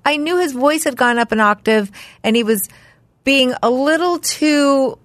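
Animated woman in her fifties telling stories. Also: sits high, a little slow, dry recording. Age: 50s. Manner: animated storyteller, acts out family dialogue. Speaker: podcast co-host. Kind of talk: casual chat.

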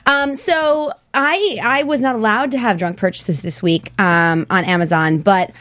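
A woman's voice: mid-range voice, unhurried, a bit bright. Woman, co-host, casual chat, chatty with fillers. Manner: chatty, laughs often, with fillers.

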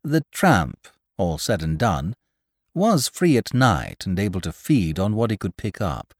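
A man voicing a calm, confident gentleman of about forty who investigates a mystery. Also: lowish voice, measured pace, no room sound, studio quality, heavily acted. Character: calm, amused gentleman detective around forty.

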